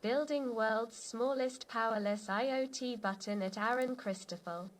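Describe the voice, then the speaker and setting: Synthetic woman's voice, fairly high pitch, chat messages read aloud, flat delivery. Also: unhurried. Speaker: text-to-speech chat reader.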